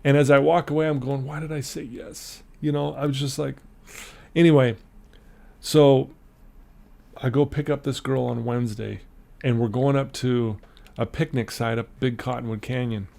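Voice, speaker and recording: In a casual interview, a middle-aged podcast guest from Utah shares a story from his life, voicing the people in it as he goes. His delivery is medium in pitch, moderate in pace, and creaky, with a lively storyteller's manner.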